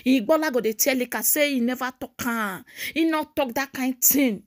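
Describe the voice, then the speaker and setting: Animated Nigerian woman gossip host. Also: high voice, moderate pace. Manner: animated, mocking, sing-song repetitions. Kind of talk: casual celebrity gossip commentary.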